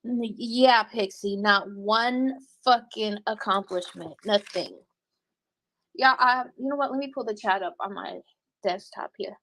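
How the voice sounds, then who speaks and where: A woman livestreaming and reading her chat, talking bluntly with lots of cursing and quick laughs. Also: medium pitch, fairly bright tone, slight background noise. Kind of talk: casual livestream commentary.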